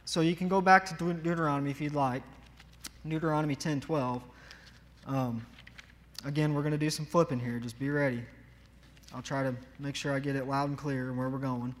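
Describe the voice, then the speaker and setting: Earnest preacher in an echoing church. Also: male voice, mid-range voice, fairly even intonation, brisk, long pauses. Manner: earnest, emphatic, urging the congregation. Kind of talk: sermon.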